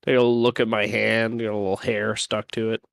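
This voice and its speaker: A man's voice: fairly low pitch, level tone, moderate pace, creaky, fairly bright tone, dry recording. A man playing a tabletop game in casual, crude, joking banter. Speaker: player.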